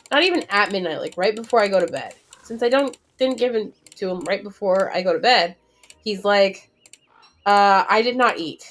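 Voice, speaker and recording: Casual woman streamer, rambling gameplay chatter, middle-pitched voice. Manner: rambling, lots of fillers and restarts.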